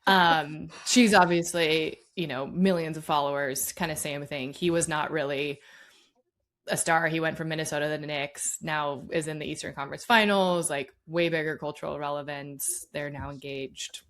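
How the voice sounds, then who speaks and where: A woman's voice: sits low, fairly even intonation, normal speed. A woman co-hosting a sports podcast, talking casually with lots of fillers. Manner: chatty, many "like" fillers. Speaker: podcast co-host.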